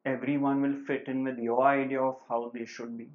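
A man giving a spiritual talk as a teacher, slow and measured with long pauses, on a slightly dull lo-fi recording. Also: medium pitch, little pitch movement.

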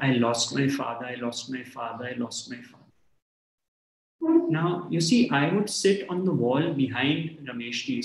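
Calm, reflective man giving a spiritual talk. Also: a little high. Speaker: spiritual teacher. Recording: echoey room.

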